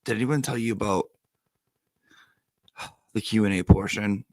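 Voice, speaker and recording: A man hosting a casual livestream, reading viewer comments and telling stories in an animated way. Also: on the low side, a little slow, no room sound. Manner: animated storyteller, reads viewer comments aloud. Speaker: live stream host.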